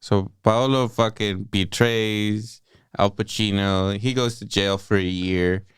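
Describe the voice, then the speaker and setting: A man's voice: lowish voice, steady tone, slow pace, clear, resonant tone, no room sound, clean studio sound. A man co-hosting a movie podcast, swearing freely and laughing as he retells scenes and mimics characters. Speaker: podcast co-host. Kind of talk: casual movie review chat.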